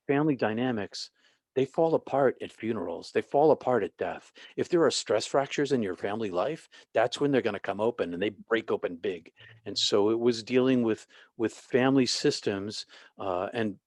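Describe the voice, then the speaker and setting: A middle-aged man with a lowish voice recounts his pastoral stories as a podcast guest. He stumbles and restarts often and at times drops almost to a whisper. The room is dry and close. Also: no room sound. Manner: halting with many restarts, drops to a soft whisper when quoting. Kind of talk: storytelling interview.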